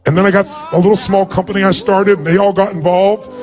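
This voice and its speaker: A man's voice: sits high, steady tone, quick pace, faint music behind. Earnest man telling a heartfelt story. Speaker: motivational speaker. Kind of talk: personal storytelling talk.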